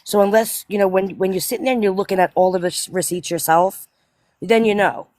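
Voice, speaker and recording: A woman's voice: mid-range voice, brisk, no echo. A woman hosts a casual live stream with a mid-range voice, pressing her point hard and repeating herself. The sound is dry and close, with no room around it. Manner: animated, repeats "you know what I mean". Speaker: host.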